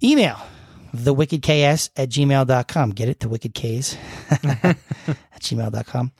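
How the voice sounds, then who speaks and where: A man's voice: medium pitch, lively intonation, unhurried, creaky, husky, no echo, clean studio sound. A young man co-hosting a podcast, joking and rambling through the show info. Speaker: podcast co-host. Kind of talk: casual chat.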